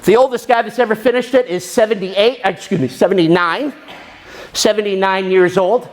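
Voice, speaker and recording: A middle-aged man telling a story to an audience, animated and acting out the voices of people in it. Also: high voice, normal speed.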